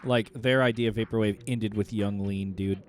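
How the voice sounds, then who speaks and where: A man's voice: lowish voice, fairly even intonation, normal speed. A man hosting a podcast in casual chat, laid-back and swearing freely as he reacts and reads out questions. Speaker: podcast host.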